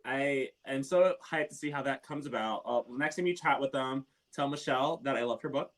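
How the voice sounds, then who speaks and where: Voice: medium pitch, a little fast. A panel moderator asking playful, joking questions.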